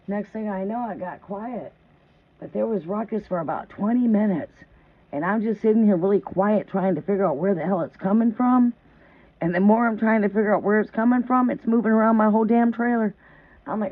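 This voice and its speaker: A woman's voice: medium pitch, brisk. A woman hosting a tarot live stream from her trailer home, chatting casually and telling rambling, profane stories. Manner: rambling, profane, conversational, often asks "right?". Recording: tinny phone-like audio with faint noise.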